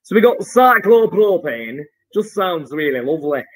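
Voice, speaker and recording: Brief: male chemistry teacher, fairly high voice, jokey and upbeat while explaining homework. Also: very animated, normal speed, rough recording. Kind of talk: online homework review lesson.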